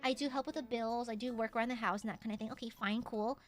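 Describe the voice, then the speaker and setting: A young adult woman streaming casually to her chat, switching from soft heartfelt talk to loud swearing outbursts. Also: fairly high pitch, quick pace, faint music behind. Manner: excitable, swears, jumps from tender to shouting at chat.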